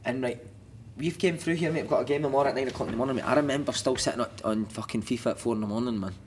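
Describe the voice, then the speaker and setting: Fast-talking Scottish man telling stories. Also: mid-range voice, darkish tone, a little hiss or hum. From Scotland. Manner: rambling, sweary, says "mate" constantly. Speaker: podcast guest, former footballer. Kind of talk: casual storytelling.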